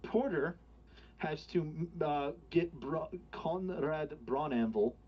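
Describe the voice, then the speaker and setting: Halting man running a tabletop game. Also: on the high side, animated, breathy edge. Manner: halting, many fillers and restarts. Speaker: game master. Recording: dull lo-fi home mic.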